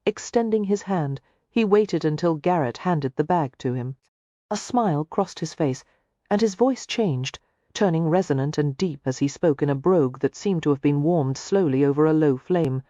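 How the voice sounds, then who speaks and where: A woman reading a novel aloud with a lowish, expressive voice that moves freely in pitch. Her storytelling is measured. The recording is dry and a bit dull. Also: dry recording. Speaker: audiobook narrator. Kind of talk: scripted narration.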